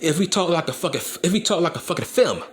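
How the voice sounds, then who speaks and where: Profane, animated ranting man. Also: a little high, fast talker, slight background noise. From Compton, California. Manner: blunt, profane, emphatic. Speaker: channel host. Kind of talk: ranting commentary video.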